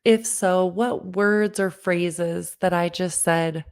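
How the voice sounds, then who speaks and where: A woman in her thirties, a parenting coach, giving an online workshop talk and telling a personal story with lively, earnest direct address to the listener. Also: fairly low pitch, slow pace, smooth. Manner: lively storyteller who acts out her own past lines.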